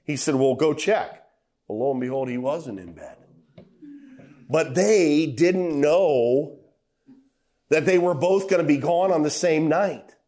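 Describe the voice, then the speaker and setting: A middle-aged man preaching a sermon, telling a story with acted quotes and climbing to loud, emphatic high passages. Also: slow pace, long pauses.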